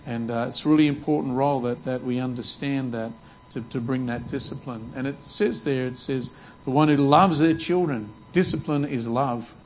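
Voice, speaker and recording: A man's voice: medium pitch, a little hiss or hum, poor audio. A man preaching a sermon earnestly, often repeating words as he restarts his sentences. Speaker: pastor.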